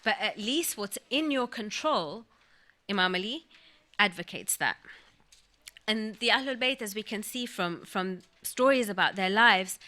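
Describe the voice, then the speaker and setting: Bright-voiced woman giving a religious lecture. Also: mid-range voice. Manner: explanatory, emphatic, recites Arabic verses. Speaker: religious speaker. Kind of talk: lecture on scripture to a gathering. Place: mosque or community hall.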